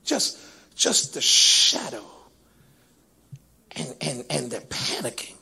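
A man preaching a sermon to a congregation at a church service. He moves between hushed talk and sung, shouted peaks in a rhythmic preaching cadence. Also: medium pitch, big pitch swings, slow, vocal fry, slightly rough. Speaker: pastor.

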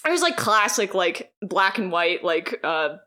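A young woman guest telling a story casually, animated, with lots of laughter and fillers. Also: on the low side, measured pace. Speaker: podcast guest.

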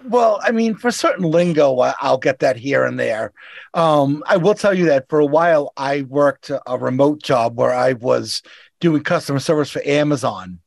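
A man with a Boston accent, co-hosting a podcast and telling animated stories in casual chat. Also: on the high side, moderate pace, gravelly, no room sound, studio quality. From Boston, USA. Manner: animated storyteller, acts out callers. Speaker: podcast co-host.

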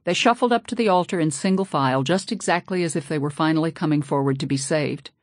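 A woman narrating a novel in the first person, steady and low-key, close to the mic. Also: fast talker, dry recording. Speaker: audiobook narrator. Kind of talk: audiobook narration.

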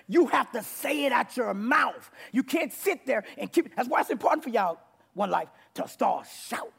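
A man preaching to a church congregation, animated, mixing shouts and laughter. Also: very high-pitched, moderate pace, vocal fry, breathy edge. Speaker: pastor. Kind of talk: sermon.

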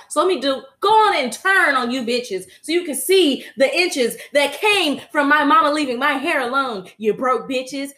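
A woman's voice: on the high side, sharp tone, pitched above the performer's own voice. A woman doing a sassy little girl showing off. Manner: sassy, cursing, taunting.

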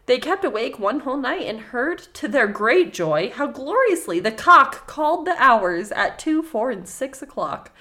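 A woman co-host reads an old folktale aloud in a mock-formal storybook voice. She stops often to make wry, joking comments. Her voice sits a little high and moves a lot in pitch. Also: very animated, unhurried, few pauses, pushed and bright. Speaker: podcast co-host reading folktales. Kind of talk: reading a fairy tale aloud with joking asides.

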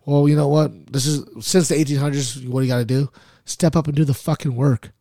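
A man's voice: medium pitch, fairly even intonation, a little fast, warm tone, no echo, studio quality. A man hosting a casual podcast, rambling and swearing, with lots of "like" and "you know". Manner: loose, rambling, swearing, says "like" a lot. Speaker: podcast host.

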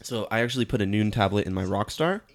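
A man's voice: on the low side, expressive, quick pace. A man co-hosting a casual podcast, joking, teasing and swearing in banter. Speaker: podcast co-host.

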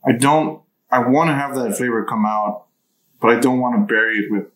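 A man co-hosting a podcast as the chef, speaking quietly and hesitantly, often repeating words while he thinks. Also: mid-range voice, moderate pace, slight background noise. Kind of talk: casual chat while mixing drinks. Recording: echoey room.

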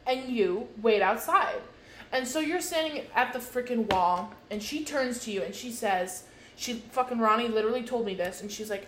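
A young woman in her twenties vents on a podcast with a slightly high voice and heavy swearing. She sounds exasperated in casual chat. The room echoes, with a faint hiss underneath. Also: normal speed. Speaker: podcast co-host.

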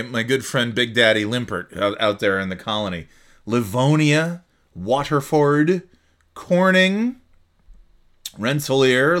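A man's voice: mid-range voice, fairly bright tone. A man hosting a podcast, casually reading out listener cities and joking around. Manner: reads out listener cities, jokey, tries silly accents. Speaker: podcast host. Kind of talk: casual solo podcast chat.

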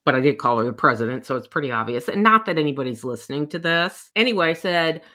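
An older woman tells her week's stories in a casual chat. Her voice swings widely in pitch as she acts out what others said. It sounds bright and a little low, and she talks bluntly, with swearing. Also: fast talker. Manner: animated, acts out quoted people with big pitch jumps, blunt and profane. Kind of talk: casual chat, telling anecdotes.

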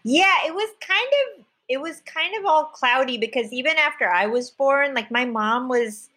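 A woman's voice: high voice, moderate pace, sharp tone. A woman from the United States with Indian immigrant parents, a comedian guest in casual podcast chat, laughing often and hedging her remarks. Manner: chatty, laughs often, self-qualifying asides.

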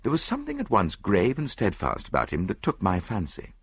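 A man narrates an audiobook in a husky, fairly low voice. His intonation rises and falls widely, and the recording is close and dry with no room sound. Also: huge pitch swings, dry recording. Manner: measured first-person storytelling. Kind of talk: scripted narration.

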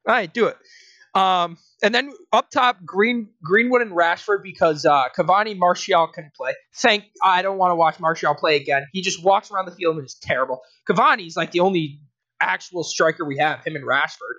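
A man's voice: high-pitched, moderate pace, sharp tone, no echo, dull audio. Young man, podcast co-host, exasperated ranting, dry close sound. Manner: exasperated, ranting with frequent laughs and restarts. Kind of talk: casual sports podcast rant.

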